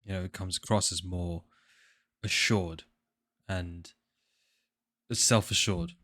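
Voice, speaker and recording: A man's voice: deep voice, fairly even intonation, slow, sharp tone. A man co-hosting a casual podcast, agreeing with and adding to the host's points over an online voice call. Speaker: podcast co-host.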